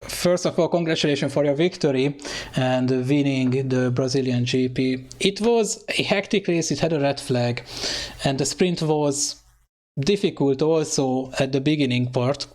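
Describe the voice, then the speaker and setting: A man commentating an online sim racing event, excitable and hesitant, with phrasing and lots of fillers. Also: medium pitch, moderate pace. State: out of breath. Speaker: race commentator.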